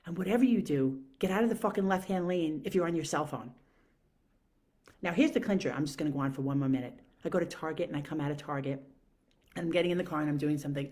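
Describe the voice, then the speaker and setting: Woman, lowish voice, exasperated solo rant, animated and sweary. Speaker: podcast host. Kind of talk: casual monologue rant.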